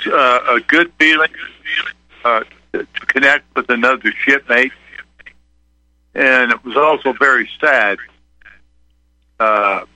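Older man, radio guest, slow, halting with pauses, bright edged tone, dry close sound. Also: medium pitch, no room sound, low-quality recording. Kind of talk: interview answer.

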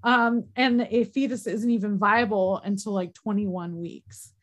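A woman in a candid podcast conversation, talking earnestly and emotionally, halting with restarts and frequent fillers. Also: mid-range voice, fairly even intonation.

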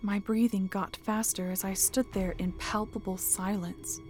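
A woman's voice: medium pitch, steady tone, a little slow, a little mellow, soft background music. Woman narrating a scripted horror story. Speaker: podcast host and narrator.

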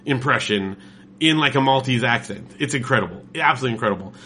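A man from California chats casually, with a clear, bright tone to his voice. He tells stories enthusiastically and rambles through lots of filler words. A faint hiss sits under the recording. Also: medium pitch, lively intonation, quick pace. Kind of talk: casual chat.

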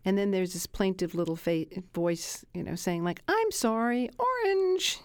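A woman's voice: lowish voice, little pitch movement, moderate pace, mellow, clear, resonant tone, no room sound, studio quality. A woman researcher being interviewed, telling anecdotes and acting out quoted dialogue in a conversational way. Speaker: animal researcher guest.

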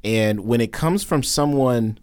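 A man co-hosting a podcast in casual chat, expressive and joking. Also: medium pitch, a little slow, clean tone. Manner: expressive, swings into mocking voices. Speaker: podcast co-host.

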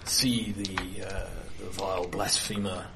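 Low-voiced male game master, halting narration full of fillers, hissy recording. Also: level tone, gravelly. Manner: halting, many ums and uhs.

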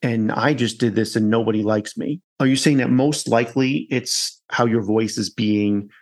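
A man from New York hosting a podcast, conversational and quick, with many fillers. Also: medium pitch. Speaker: podcast host. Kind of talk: podcast interview.

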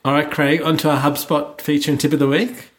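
A man hosting a podcast, casually chatting in an upbeat, brisk manner and steering the conversation. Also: a little high, level tone. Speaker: podcast host.

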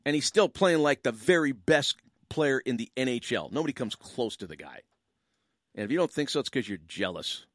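A man's voice: mid-range voice, lively intonation, moderate pace, dry recording, studio quality. A Canadian man hosting a call-in talk radio show as a pastor, chatting in a joking, rambling way with lots of asides.

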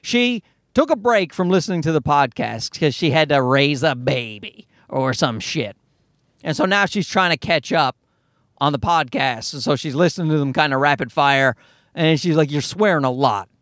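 A man's voice: on the high side, animated, moderate pace, fairly bright tone, no echo, clean studio sound. A man hosting a comedy podcast, ranting in a worked-up way and swearing freely. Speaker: podcast host.

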